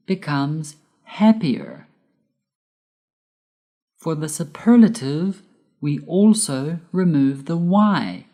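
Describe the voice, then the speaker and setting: Woman, English grammar lesson, low voice, slow pace, careful spelling. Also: dark tone. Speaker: English teacher.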